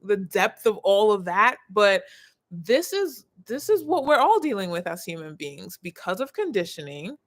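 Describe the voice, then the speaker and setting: Animated woman coaching on a live stream. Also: medium pitch, moderate pace. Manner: animated, expressive, swings from soft to loud. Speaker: personal branding coach.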